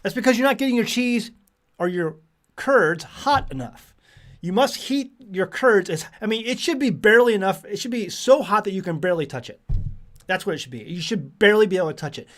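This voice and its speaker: A man's voice: sits high, animated, a little fast. A middle-aged man from the United States hosting a casual livestream, chatty and rambling as he reads out where viewers are tuning in from. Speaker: livestream host.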